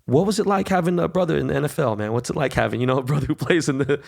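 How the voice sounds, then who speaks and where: A man in his forties hosting a podcast in casual chat, an animated storyteller who swears freely and mimics others. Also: fairly high pitch, very fast, vocal fry. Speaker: podcast host.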